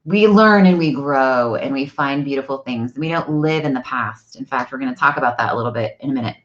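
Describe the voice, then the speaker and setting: A woman in her forties with a low voice chats casually from home as a vlog host. She tells family stories with animated energy. The sound is slightly dull and lo-fi. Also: fairly quick. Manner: animated storyteller. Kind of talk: casual live-stream chat. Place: home, indoors.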